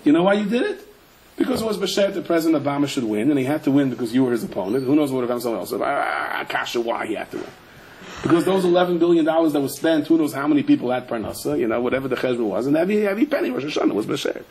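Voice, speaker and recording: A man teaching a Torah class as a rabbi, telling stories and jokes and swinging up into loud, high-pitched emphasis. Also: animated, fast, rough recording.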